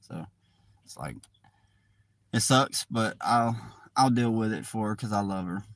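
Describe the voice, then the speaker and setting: A man's voice: lowish voice, animated, a little slow, fairly bright tone, a little hiss or hum. A man hosting a casual live stream, laid-back and chiming in with short replies.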